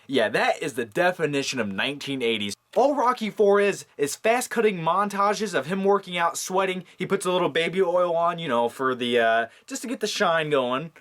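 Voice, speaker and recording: A man's voice: on the high side, animated, moderate pace, hardly any pauses, a bit bright. A man in a casual, comedic movie vlog, jokey and rambling with lots of fillers. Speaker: movie vlogger.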